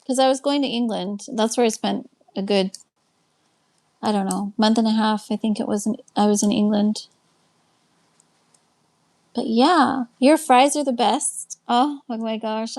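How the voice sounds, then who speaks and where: A Texan life coach hosts a casual live stream over a webcam, greeting viewers and answering their comments one at a time. Her voice is on the high side with a darkish tone, and she sounds a little tired, winding down.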